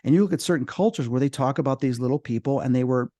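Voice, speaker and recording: Animated man telling ghost stories. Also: mid-range voice, quick pace, no room sound. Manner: animated, acts out quoted voices. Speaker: paranormal investigator guest. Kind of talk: casual storytelling.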